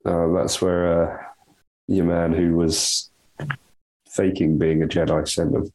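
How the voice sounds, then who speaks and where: Man, deep voice, croaky, stuffy nose, casual podcast co-host, easygoing. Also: slow pace, rough recording. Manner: relaxed and chatty, laughs often, many fillers. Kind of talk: casual chat.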